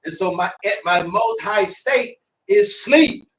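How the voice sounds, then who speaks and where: A man hosting a live stream, lecturing his viewers in a preachy, repetitive way and drawing out words slowly for emphasis. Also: high voice, a bit bright, distant mic, low-quality recording. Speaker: herbalist host of a live stream.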